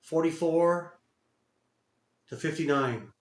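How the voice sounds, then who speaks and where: A man's voice: a little high, takes it slowly. A man giving live commentary on his own day trades, muttering, cursing and repeating himself in frustration. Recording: roomy echo.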